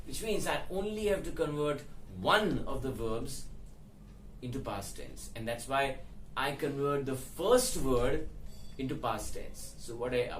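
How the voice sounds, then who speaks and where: A man teaching English grammar, explaining slowly with frequent fillers and repeated words. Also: fairly high pitch, distant mic, slight background noise. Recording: echoey room, set back from mic.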